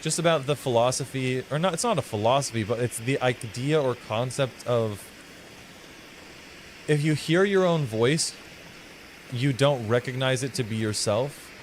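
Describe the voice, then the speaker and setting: A man's voice: mid-range voice, normal speed, slight background noise, poor audio. Rambling, swearing man with a faint southern accent. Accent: mild American Southern, partly flattened. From American South. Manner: rambling, profane, playful musing. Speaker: live streamer. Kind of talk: casual gameplay commentary.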